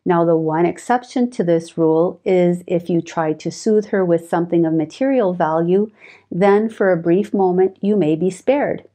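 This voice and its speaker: Woman talking through relationship advice, calm and measured, warm lowish voice. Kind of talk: scripted advice monologue.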